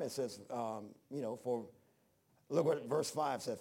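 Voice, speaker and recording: A man's voice: mid-range voice, unhurried, a little mellow, breathy edge. Rambling folksy man preaching a sermon. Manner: homespun, rambling, frequent restarts; reads scripture in old-fashioned wording. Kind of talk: folksy sermon with personal stories.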